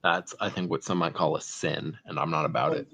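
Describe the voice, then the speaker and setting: Low, husky young man, casual chat. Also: fairly quick. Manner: rambling, deadpan, full of "like". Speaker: podcast co-host.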